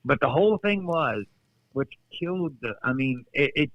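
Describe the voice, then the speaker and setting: Animated man telling wrestling stories. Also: medium pitch, normal speed, no room sound, highs cut off. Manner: animated storyteller, acts out quotes, laughs often. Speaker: guest, former wrestler. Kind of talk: casual storytelling interview.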